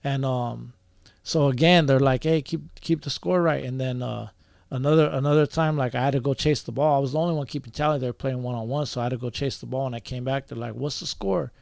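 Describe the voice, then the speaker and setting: A man with a gravelly, mid-pitched voice tells a long story in casual podcast talk. He rambles, leans on fillers and swears freely. The sound is dry and close. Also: steady tone, quick pace, darkish tone, no room sound. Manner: rambling, many fillers and profanity. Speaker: podcast guest.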